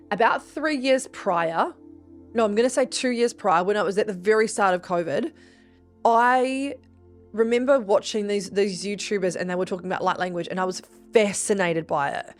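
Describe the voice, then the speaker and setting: A woman hosting a podcast, telling a personal story in casual chat, animated and swearing often, acting out the quoted voices with big jumps in pitch. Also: moderate pace, faint music behind. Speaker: podcast host. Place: Gold Coast region.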